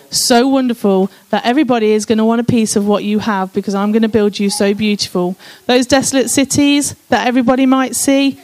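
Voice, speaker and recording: A woman's voice: fairly high pitch, a little mellow, low-quality recording. A woman sharing her personal testimony with emphasis, reading scripture aloud and addressing her listeners as "guys".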